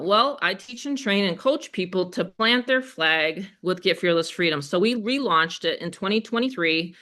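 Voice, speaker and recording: A middle-aged woman with a Western New York accent, hosting a live webinar in an energetic, chatty way and talking straight to her audience. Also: mid-range voice, moderate pace, hardly any pauses. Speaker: webinar host. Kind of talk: live sales webinar chat.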